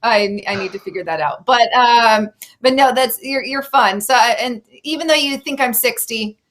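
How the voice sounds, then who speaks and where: Animated, teasing woman host. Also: on the high side, moderate pace. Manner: animated, opinionated, gets worked up; teasing, joking. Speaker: show host. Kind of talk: casual interview chat.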